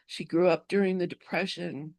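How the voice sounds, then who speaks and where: A woman telling a personal story to an online group in a halting way, with frequent restarts. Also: lowish voice, fairly even intonation, darkish tone, no echo. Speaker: participant sharing a story.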